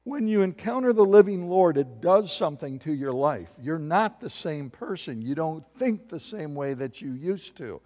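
A middle-aged man delivers a sermon with storytelling flair, his voice sitting a little high for a man. He swings between booming emphasis and hushed, confiding asides. Long reverb from the hall trails after every phrase. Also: moderate pace, hardly any pauses. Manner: animated, shifts from loud bursts to hushed asides. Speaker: pastor.

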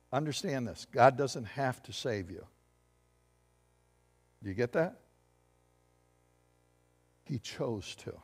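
A middle-aged man delivers a sermon with storytelling flair, his voice sitting a little high for a man. He swings between booming emphasis and hushed, confiding asides. Long reverb from the hall trails after every phrase. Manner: animated, shifts from loud bursts to hushed asides. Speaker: pastor.

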